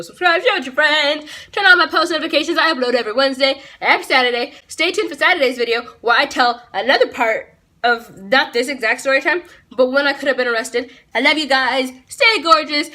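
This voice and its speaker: A teenage girl telling a storytime on her vlog in a bright, crisp, slightly high voice. She is blunt and sassy, swears freely, and breaks off into quick self-aware asides. The delivery is casual and chatty throughout. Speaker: vlogger.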